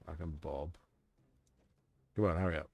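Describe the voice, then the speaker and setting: Male streamer, low gravelly voice, dry close sound, loose and sweary while gaming. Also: fairly even intonation, normal speed, no echo. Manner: offhand, swears, reacts to chat. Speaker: live streamer. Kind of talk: casual live-stream chat while gaming.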